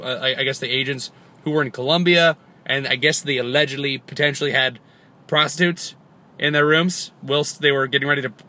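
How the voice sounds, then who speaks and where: A young man rambling through a comedic vlog, often jumping into sudden high squeaks and silly voices. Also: sharp tone. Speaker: vlogger.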